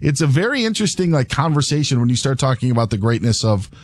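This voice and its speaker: A man's voice: mid-range voice, very animated, fast talker, no echo. An eager man on a sports talk panel who piles up half-finished thoughts as he argues. His voice rises and falls widely. The sound is dry and close. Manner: enthusiastic, restarts his sentences. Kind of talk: sports debate.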